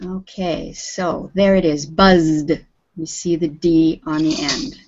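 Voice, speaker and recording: Slow patient woman teaching English. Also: low-pitched, steady tone, a little mellow. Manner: patient, encouraging, calls on students by name. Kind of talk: live online group lesson. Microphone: video call audio. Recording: dull lo-fi video call audio.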